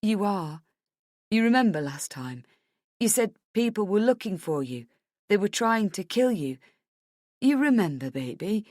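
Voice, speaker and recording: A woman plays a frightened young husband on the verge of tears, his words halting and soft as he pleads. It is an audiobook reading in a dry, close recording. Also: mid-range voice, very animated, no echo, pitched above the performer's own voice. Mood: pleading.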